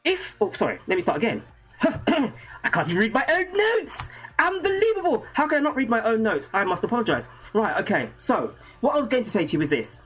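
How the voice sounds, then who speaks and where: Husky, animated man hosting a livestream. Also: extremely high pitch, brisk, soft background music. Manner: chatty, jokey, rambling, greets viewers by name. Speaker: livestream host. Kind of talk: casual livestream chat. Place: home room with a green screen.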